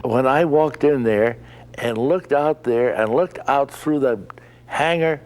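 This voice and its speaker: An older man interviewed about working on a film set, telling a story in a lively, animated way. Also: medium pitch. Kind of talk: anecdotal storytelling.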